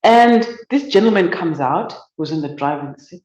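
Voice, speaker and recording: A woman's voice: fairly low pitch, moderate pace, roomy sound, highs cut off. A woman from Zimbabwe, an academic guest telling a story in conversation and acting out the voices of the people in it. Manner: animated, acts out quoted voices.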